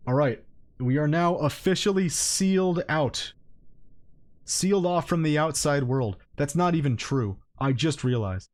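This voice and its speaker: A man giving casual, wry commentary while he streams a colony game, scolding his characters out loud. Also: a little slow. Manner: wry, talks to his game characters, swings into high-pitched exasperated yelps.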